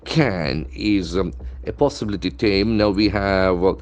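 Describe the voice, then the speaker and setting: Man, teacher, low voice, faint music underneath, spells words letter by letter. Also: measured pace. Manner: methodical, spells words out letter by letter, keeps calling words beautiful. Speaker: English language trainer. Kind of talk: lesson.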